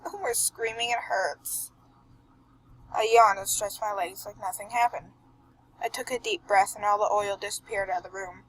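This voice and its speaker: A young woman reading a fan story aloud, narrating in a soft, hushed, dramatic way. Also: medium pitch, rough recording. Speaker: fan dub reader.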